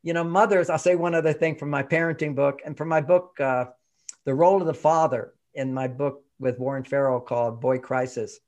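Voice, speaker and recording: A man from Texas, an author being interviewed, talking in an emphatic, animated way and laughing mid-sentence. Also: fairly high pitch, brisk. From Texas, USA. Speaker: author guest. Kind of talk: conversational interview.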